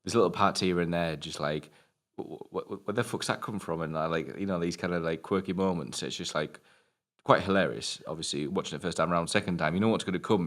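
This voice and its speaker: Deep-voiced British man, sweary and enthusiastic. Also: a bit bright. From Britain. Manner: sweary, enthusiastic, laughs often. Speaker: film review podcast co-host. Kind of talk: casual chat.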